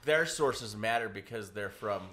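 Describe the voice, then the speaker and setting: Animated, crude-talking man. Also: on the low side, unhurried. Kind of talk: casual chat.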